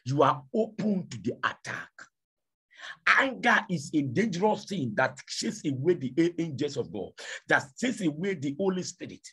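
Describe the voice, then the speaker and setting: Man, preacher, sermon, raspy, high-ish voice, rhetorical questions. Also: big pitch swings, moderate pace, bright, forceful tone.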